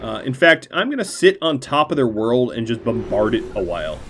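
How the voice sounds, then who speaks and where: A man's voice: medium pitch, very animated, brisk, a little hiss or hum. A man streaming a strategy game, giving casual, playful gameplay commentary in a gleefully mock-villainous way. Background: faint game music.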